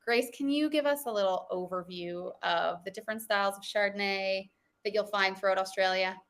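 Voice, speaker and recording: A woman's voice: medium pitch, a little fast. A woman hosting a live stream, asking her guest questions and reacting briefly. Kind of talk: interview questions.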